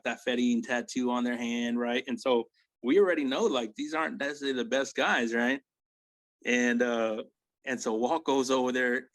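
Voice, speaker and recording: A man's voice: medium pitch, no room sound, poor audio. A man in his forties, an army veteran, telling war stories in a rambling, blunt way that keeps checking in with "right?" and "you know?". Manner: blunt, swears freely. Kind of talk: casual war storytelling.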